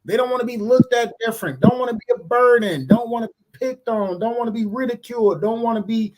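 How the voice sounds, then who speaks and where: High-voiced, blunt man talking shop. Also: rough recording. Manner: blunt, animated, heavy slang and profanity. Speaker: podcast co-host. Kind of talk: casual podcast chat. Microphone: remote stream mic.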